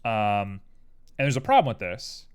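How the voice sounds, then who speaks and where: A man's voice: on the low side, moderate pace, clear, resonant tone. A young man streaming live while he works on a 3D model, chatting casually and wandering off on tangents. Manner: rambling, tangential, animated. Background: keyboard clicks and typing.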